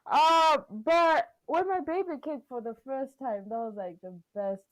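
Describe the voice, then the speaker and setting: A young woman co-hosting a podcast, chatting casually and telling her story with animated quotes and frequent laughs. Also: high-pitched, measured pace, few pauses. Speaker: podcast co-host.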